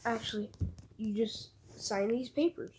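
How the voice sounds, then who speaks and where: A woman voicing a laid-back male ninja teacher who speaks in a dry, offhand way, in a husky tone. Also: fairly high pitch, a little slow, a little mellow, slight background noise, close to an everyday voice.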